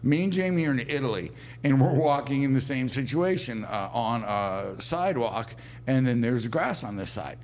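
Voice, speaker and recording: A man guesting on a podcast tells rambling stories in casual conversation, his mid-range voice expressive and a little mellow. He speaks at a moderate pace with few pauses, chuckling and dropping fillers often.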